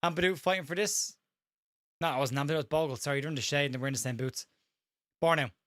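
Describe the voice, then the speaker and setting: Fast-talking Irish man calling a match. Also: fairly high pitch, a bit bright, no echo, studio quality. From Ireland. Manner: fast-talking, stumbles over names. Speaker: host. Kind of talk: live match watch-along commentary.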